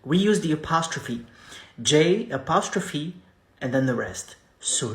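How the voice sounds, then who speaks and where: Brief: male language teacher, unhurried drilling delivery, echoey room. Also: a little high, expressive. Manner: repeats each phrase slowly for practice; casual, chatty explanations. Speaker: French teacher. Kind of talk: beginner language lesson.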